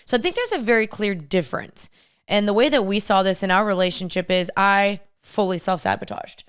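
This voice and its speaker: A young woman co-hosting a casual podcast, giving earnest advice on relationships in quick bursts. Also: mid-range voice, smooth. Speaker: podcast co-host and author.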